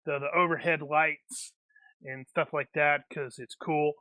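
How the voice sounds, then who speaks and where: A man's voice: fairly high pitch, steady tone, a little slow, sharp tone, dry recording. A man acting as game master for a tabletop action game, talking in a rambling way with many restarts.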